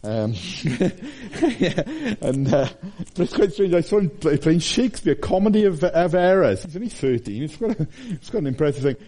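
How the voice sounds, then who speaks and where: A man's voice: fairly high pitch, sing-song, moderate pace, dark tone. A man in his forties preaching a sermon, telling stories animatedly with fillers and restarts.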